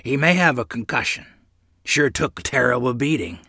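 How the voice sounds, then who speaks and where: A man's voice: medium pitch, moderate pace, vocal fry, bright, forceful tone, no room sound, studio quality, pitched above the performer's own voice. A man voicing a plainspoken country doctor reporting an injury. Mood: grave. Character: matter-of-fact male country doctor.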